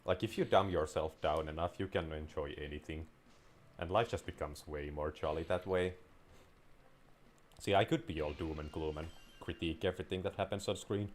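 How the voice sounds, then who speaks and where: Deep-voiced joking gamer man. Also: fairly even intonation, moderate pace, a little hiss or hum. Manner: playful, rambling, joking. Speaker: gaming YouTuber. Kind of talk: casual gameplay commentary.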